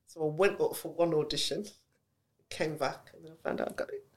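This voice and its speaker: A woman's voice: low voice, fairly quick, a loud crowd. A middle-aged woman with a Birmingham accent, chatting animatedly as an interview guest. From Birmingham, England. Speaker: guest actress. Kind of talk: casual interview chat. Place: podcast recording venue.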